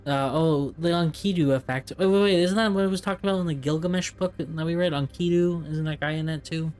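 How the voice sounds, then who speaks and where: A man's voice: a little high, a little fast, a little mellow. A man playing a story game, casually chatting and reading in-game documents aloud, often chuckling and stumbling over tricky words. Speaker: let's play gamer.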